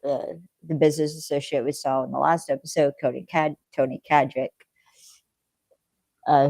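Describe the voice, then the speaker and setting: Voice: mid-range voice, dark tone, no room sound. A podcast co-host recapping a TV episode in casual chat, rambling with lots of fillers and acting out the characters' lines.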